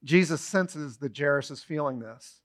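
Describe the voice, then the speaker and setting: A man preaching a sermon retells a story in an animated way, acting out short quotes. His voice is fairly high and his pace normal.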